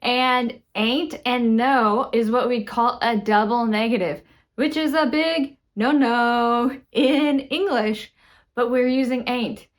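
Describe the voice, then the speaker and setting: Texan woman, English teacher, chatty and expressive, slightly high voice. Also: slow pace. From Texas. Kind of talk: casual spoken English lesson.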